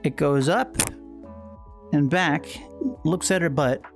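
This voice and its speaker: A woman's voice: sits low, slow pace, faint music behind. A woman hosting a casual livestream at home while playing VR, rambling and playful with frequent restarts. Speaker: livestream host.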